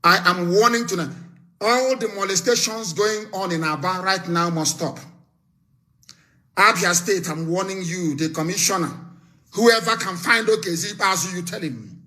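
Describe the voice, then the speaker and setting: A middle-aged Nigerian man delivering a fiery live political broadcast, threatening and lecturing, repeating his warnings with sudden shouts. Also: high-pitched, moderate pace. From southeastern Nigeria.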